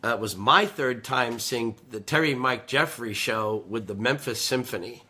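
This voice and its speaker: Bright-voiced chatty man. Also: mid-range voice, unhurried. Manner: chatty, laughs easily, recaps events. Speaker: guest and singer. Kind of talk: casual interview chat.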